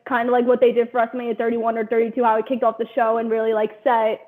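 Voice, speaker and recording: Chatty woman with a high voice. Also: completely flat delivery, quick pace, phone-quality sound. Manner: chatty and frank. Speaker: wrestling podcast panelist. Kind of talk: casual panel chat.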